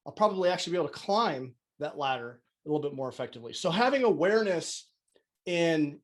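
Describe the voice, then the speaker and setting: Casting note: man, fairly high voice, earnest motivational coach on a video call. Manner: earnest, repeats words when searching. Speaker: mindset coach, conference speaker. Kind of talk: motivational talk. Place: online video conference.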